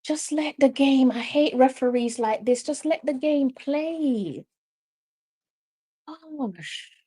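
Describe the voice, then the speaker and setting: Excitable Jamaican woman, match watch-along host. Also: high-pitched, takes it slowly. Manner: excitable, argues with the referee, repeats herself.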